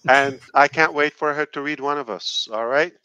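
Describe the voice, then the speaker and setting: Bright, dry-voiced earnest male guest. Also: on the high side, clean tone, no room sound, dull audio. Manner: halting, earnest advice with many restarts. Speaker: special guest. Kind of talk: casual video-call chat.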